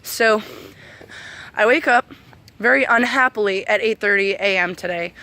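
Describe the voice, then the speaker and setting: A woman's voice: mid-range voice, animated, unhurried, sharp tone, no room sound. A woman in her twenties angrily venting in a casual vlog, swearing a lot while walking outdoors among trees. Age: 20s. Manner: angry, profane, venting. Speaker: vlogger.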